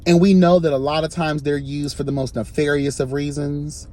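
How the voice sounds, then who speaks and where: A man giving an impassioned, sassy commentary rant, swinging between soft asides and loud emphatic outbursts. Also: a little high, flat delivery, normal speed.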